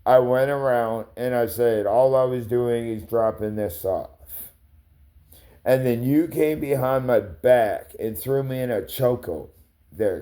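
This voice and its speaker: Man for a confrontational livestream rant, unhurried delivery with a dark tone, profane and accusatory. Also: medium pitch. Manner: profane, confrontational, addresses people by name. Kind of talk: rambling angry rant.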